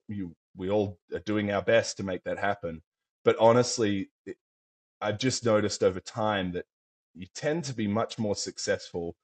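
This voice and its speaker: Appearing as a podcast guest, a deep-voiced Australian man with an Australian accent talks about his work as a professional hunter. The conversation is casual, and he rambles thoughtfully with many fillers.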